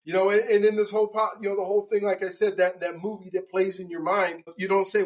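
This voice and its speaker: A man with a high voice tells a personal story as a podcast guest. He talks in an animated way, stumbling through fillers and restarts. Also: fast, hardly any pauses, poor audio. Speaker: guest speaker. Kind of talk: storytelling interview answers.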